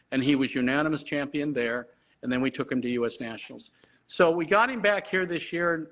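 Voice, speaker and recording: A middle-aged man, a horse breeder and guest, telling a long story in an excited way and often restarting his sentences. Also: on the high side, poor audio. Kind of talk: animated storytelling.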